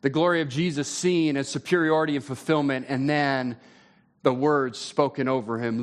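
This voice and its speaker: A man preaching a sermon in a conversational way, his voice climbing when he gets excited. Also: medium pitch. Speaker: pastor.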